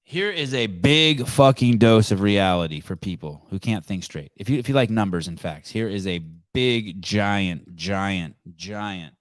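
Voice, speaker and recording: This is a man hosting a live call-in podcast, chatting off the cuff with a sarcastic, profane edge. His voice is low, and the sound is dry and close. He rambles and reacts as he goes. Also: expressive, a little slow, few pauses, no echo. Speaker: podcast host.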